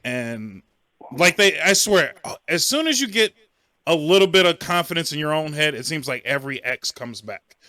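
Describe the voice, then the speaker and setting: Bright-voiced man chatting casually. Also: a little high, moderate pace, dry recording, studio quality. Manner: relaxed, laughs between remarks. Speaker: podcast co-host. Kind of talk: casual podcast chat.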